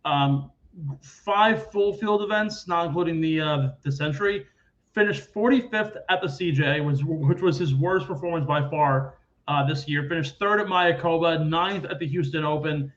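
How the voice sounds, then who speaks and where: A man's voice: on the high side, normal speed, a bit bright, lo-fi sound. A young man hosting a casual sports podcast, telling stories in a chatty way and swearing freely. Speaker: podcast host.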